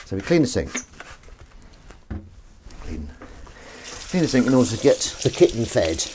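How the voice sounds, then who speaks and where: A man's voice: mid-range voice, sing-song, normal speed, warm tone, slight background noise. A man hosting a casual livestream from his home kitchen, chatting and reading out comments while washing up. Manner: rambling, self-deprecating, reads out chat comments. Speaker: livestream host. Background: clinking dishes and cutlery.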